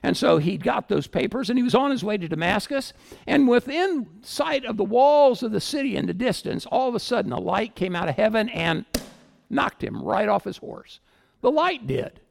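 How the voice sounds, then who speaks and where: Lively, gravelly-voiced male preacher. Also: high-pitched, normal speed. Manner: animated storytelling, swinging from loud to hushed. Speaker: pastor. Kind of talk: sermon. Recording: echoey hall with long reverb.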